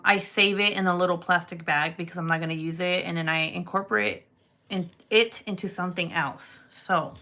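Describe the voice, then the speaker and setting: A woman's voice: lowish voice, pushed and bright. A woman chatting casually at home while making polymer clay pieces, candid and profane, often laughing. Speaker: polymer clay crafter vlogger. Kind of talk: casual chat while crafting.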